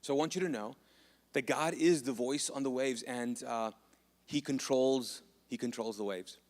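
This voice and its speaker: A man's voice: mid-range voice, normal speed. A male pastor preaching a sermon in a loose, conversational way, joking and asking the congregation questions. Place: church hall. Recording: long church reverb.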